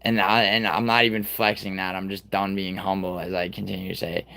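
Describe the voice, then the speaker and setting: A man's voice: low-pitched, flat delivery, a little fast, vocal fry, sharp tone. A man in his thirties hosting a livestream, chatting casually with viewers in a rambling, profane way. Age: 30s. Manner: profane, rambling, talks to chat by name. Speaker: livestream host.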